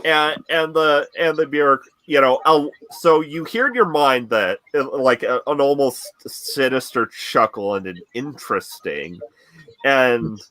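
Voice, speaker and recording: A man runs a tabletop fantasy game, narrating at an unhurried pace. His voice is bright and forceful, recorded dry and close. He stumbles through fillers and restarts as he describes the scene. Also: medium pitch, no room sound. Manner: halting, many fillers and restarts. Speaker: game master.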